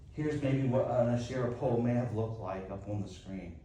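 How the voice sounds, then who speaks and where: A man's voice: medium pitch, normal speed, mellow, a little hiss or hum. A man preaching a sermon in a church, retelling scripture dramatically and voicing the speakers in it. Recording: very echoey hall, heard from a distance.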